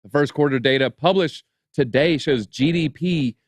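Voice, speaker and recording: A man's voice: fairly high pitch, moderate pace, no room sound. A man co-hosting an online show, reading news articles aloud and dropping wry, sarcastic comments between passages. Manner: reads headlines, then adds dry sarcastic asides. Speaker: crypto show co-host.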